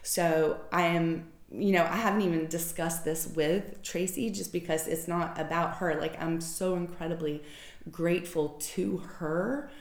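A woman's voice: on the low side, fairly even intonation, a little slow. A woman candidly telling a personal story in an emotional, informal way, swearing casually. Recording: echoey room.

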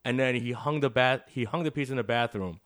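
A man's voice: mid-range voice, a little fast. A middle-aged man, a visual artist, telling a story in a casual interview, swearing often and laughing through his sentences. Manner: profane, laughing, animated storytelling.

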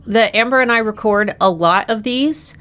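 A young woman with a Midwestern American accent, co-hosting a podcast in relaxed, chatty talk. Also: fairly high pitch, moderate pace. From United States. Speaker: podcast co-host. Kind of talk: casual chat.

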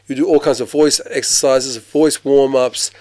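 A man raised in Australia talks about his acting career in a relaxed, conversational way. He gets animated and breaks into quick impressions, and he often restarts his sentences. His voice is mid-pitched and sounds close and dry. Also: no echo. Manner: animated storyteller, mimics voices, frequent restarts. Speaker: actor, guest. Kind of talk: casual interview.

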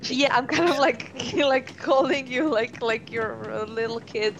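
A woman playing a tabletop game, excitable and easily alarmed. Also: high voice, unhurried, dull audio, slight background noise. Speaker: player. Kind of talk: casual tabletop play.

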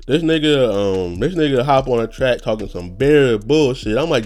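A young man hosting a casual solo podcast rant, rambling and profane, with sudden high-pitched outbursts. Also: expressive, normal speed, darkish tone. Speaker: podcast host.

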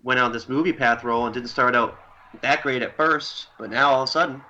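Quick bright-voiced male co-host. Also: medium pitch, lo-fi sound. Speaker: podcast co-host. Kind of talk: casual chat.

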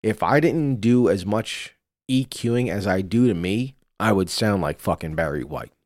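Deep-voiced, profane man on a podcast. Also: animated, measured pace, darkish tone, no echo, clean studio sound. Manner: casual and profane, rambling with restarts. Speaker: podcast co-host. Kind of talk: casual chat. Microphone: studio microphone.

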